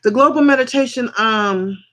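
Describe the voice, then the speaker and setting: A man hosting a spiritual livestream who leads viewers through slow, repetitive affirmations and greets them affectionately. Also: very high voice, pushed and bright. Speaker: livestream host.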